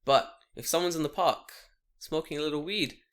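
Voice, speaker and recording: A man's voice: a little high, moderate pace, fairly bright tone, clear, resonant tone. A man, co-hosting a casual podcast chat, swearing freely and acting out mocking voices. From London, England. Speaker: podcast co-host.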